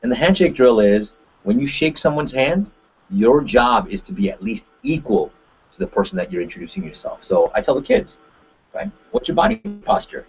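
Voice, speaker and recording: A man from Korea, a martial arts instructor, giving an animated webinar talk on a call and tagging his points with "right?". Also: medium pitch, normal speed, creaky, soft background music. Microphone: conference call line. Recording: dull lo-fi call audio.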